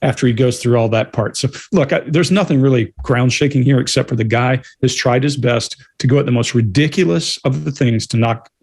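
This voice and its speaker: A man giving analytical commentary on a video clip as a body language analyst, measured and explanatory, repeating words for emphasis. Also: medium pitch.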